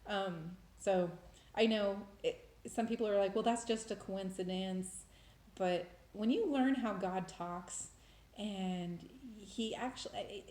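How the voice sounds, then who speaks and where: A woman's voice: medium pitch, unhurried, darkish tone. A woman telling a personal faith story in a casual, emotional, rambling way, with many restarts. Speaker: vlogger sharing faith experiences. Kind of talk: casual testimony monologue. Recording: roomy echo.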